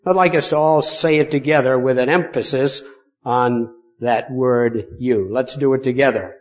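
A man preaching a sermon as pastor, speaking with deliberate pauses and stressing key words. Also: mid-range voice, muffled recording. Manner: slow, deliberate delivery with pauses for emphasis.

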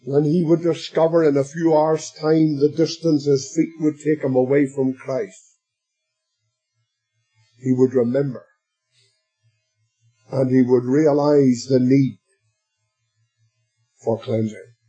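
A man preaching a sermon, slow and emphatic, addressing his listeners as beloved and swelling to shouts at the climaxes. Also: mid-range voice, fairly even intonation, husky, soft background music, low-quality recording.

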